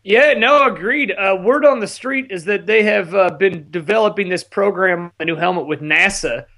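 Male guest, casual podcast chat, relaxed with lots of fillers, higher voice. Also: moderate pace. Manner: laid-back, easygoing, filler-heavy.

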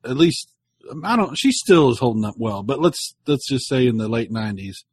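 A man co-hosting a podcast in casual chat, animated and swearing, often bursting into loud laughter. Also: mid-range voice, moderate pace, husky, no echo. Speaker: podcast co-host.

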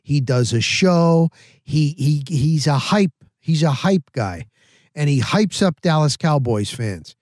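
Male podcast host, a bit higher voice, animated rambling storyteller, dry close-mic sound. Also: takes it slowly, no echo. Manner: rambling, animated, repeats himself. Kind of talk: casual storytelling.

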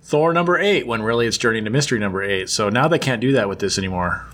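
A man's voice: medium pitch, fast, fairly bright tone. A man talking casually as a podcast co-host. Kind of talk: casual chat.

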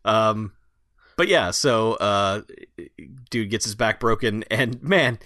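A man with a bright, forceful voice walks through a movie plot in a casual chat. He drops into mocking impressions of the characters as he goes. The sound is dry and up close. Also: lowish voice, lively intonation, slow pace, no room sound. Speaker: podcast co-host.

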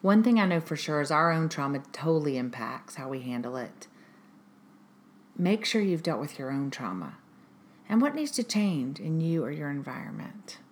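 A woman with a somewhat low voice hosts a podcast in a relaxed, conversational way. She speaks earnestly and with emphasis, hammering home her advice by repeating it. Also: normal speed. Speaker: podcast host. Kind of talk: casual podcast talk giving parenting advice.

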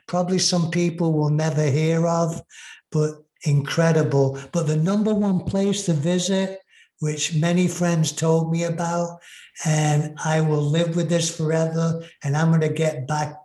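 A man's voice: fairly high pitch, fairly even intonation, warm tone. Enthusiastic English-born man in an echoey room. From England. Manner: rambling, enthusiastic, drawn-out emphasis. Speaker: podcast co-host. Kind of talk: casual podcast sign-off.

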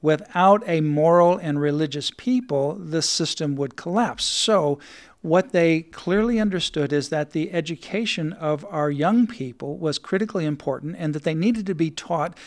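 A man hosts a talk program in an earnest, explanatory manner. His voice sits a little high for a man. He often reads passages aloud to make his point. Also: normal speed. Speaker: host. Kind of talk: studio talk show discussion.

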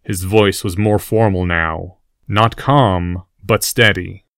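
A male narrator reads a fantasy story in a steady, even storytelling manner. His voice is fairly low, and the recording is dry and close-miked. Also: slow pace, no room sound. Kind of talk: scripted audiobook narration.

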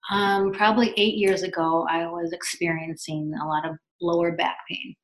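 A woman in her fifties, a podcast guest telling her story in a chatty, animated way. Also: on the low side, moderate pace. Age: 50s. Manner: chatty, animated, acts out quotes. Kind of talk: casual storytelling. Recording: echoey room.

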